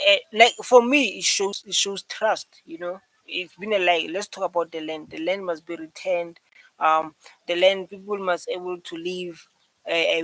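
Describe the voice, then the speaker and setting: A man's voice: sits high, fairly bright tone, poor audio. A man with a South African accent giving a rambling, repetitive reaction commentary, full of fillers. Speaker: reaction video host.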